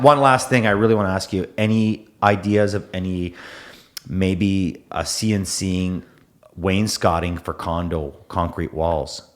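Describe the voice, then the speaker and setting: A low-pitched man with an Eastern European accent co-hosts a casual podcast, sounding enthusiastic and animated. He is recorded on site at a manufacturing facility. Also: measured pace. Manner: enthusiastic, animated, often laughing. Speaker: podcast co-host.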